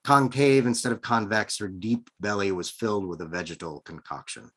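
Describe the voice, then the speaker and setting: A man, the author, reading his own novel aloud over a video call in measured, expressive narration. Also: on the low side. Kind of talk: live book reading.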